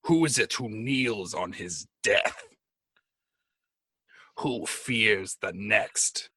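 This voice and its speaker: A man playing a slow, menacing dark lord. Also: fairly low pitch, husky, no echo, exaggerated voice. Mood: solemn, commanding. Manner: slow, solemn, commanding. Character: menacing dark god-lord whispering to a cultist.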